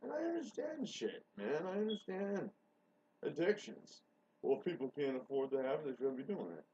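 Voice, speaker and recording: A man hosting a rambling solo show, excitable and profane, swinging between low mutters and sudden loud outbursts. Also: normal speed, breathy edge. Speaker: show host. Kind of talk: rambling monologue. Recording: dull lo-fi recording.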